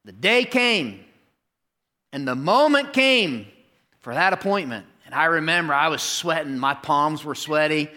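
Animated bright-voiced male pastor. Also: a little slow. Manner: animated storytelling, jumps up in pitch for quoted lines. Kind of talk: sermon. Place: church sanctuary.

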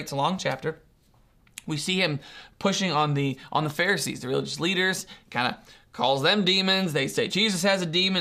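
An earnest preacher delivering a sermon, leaning hard on key words and slowing down to let them land. The voice sits at an ordinary middle pitch. The talk often circles back on itself with repeated phrases and questions put to the listeners. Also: fairly bright tone. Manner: earnest, emphatic, asks rhetorical questions; repeats and restarts phrases, slows for emphasis.

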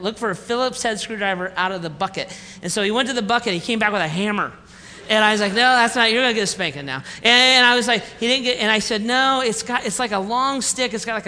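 Man, preacher, comic story sermon, bright tone, reverberant hall. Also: sits high. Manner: animated storyteller, acts out family dialogue, then slows for the lesson. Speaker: pastor. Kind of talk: sermon with a humorous personal story. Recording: reverberant hall with faint room noise.

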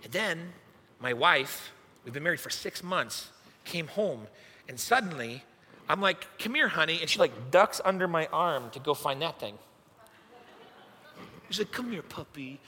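A young man, a youth pastor, telling a funny personal story in a sermon with animated, self-mocking delivery. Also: a little high, a little slow, pauses often, husky. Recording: echoey hall reverb.

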